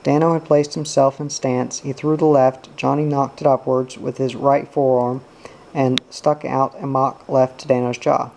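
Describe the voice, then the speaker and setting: A man reads a novel aloud in a steady, unhurried manner. His voice is dark and mellow, at a middling pitch. He keeps his intonation flat and even. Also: creaky, slight background noise, low-quality recording. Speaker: narrator. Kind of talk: audiobook reading.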